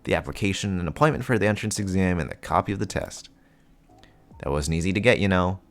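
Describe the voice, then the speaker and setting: A man's voice: sits low, quick pace. A man voicing a wry, chatty male informant in a comic reading with voices. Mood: brisk.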